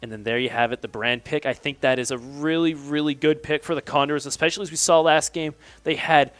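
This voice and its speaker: A man's voice: fairly high pitch, steady tone, a little fast, fairly bright tone. Upbeat young male esports commentator. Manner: upbeat, explains strategy at length. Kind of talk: live play-by-play commentary.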